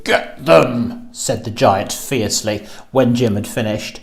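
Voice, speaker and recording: A man reading a children's storybook aloud, with a slow and expressive delivery. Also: fairly low pitch.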